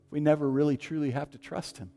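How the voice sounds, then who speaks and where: A man preaching a sermon, swinging from loud, emphatic lines to hushed, quiet ones. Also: a little high, fairly even intonation, fast talker, vocal fry. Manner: dynamic, shifting from loud to hushed. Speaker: pastor.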